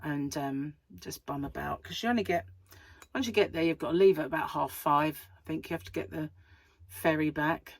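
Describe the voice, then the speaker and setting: A woman's voice: sits low, normal speed, slightly rough, no echo. A middle-aged woman, chatting casually and rambling to camera as a crochet vlogger, laughing often.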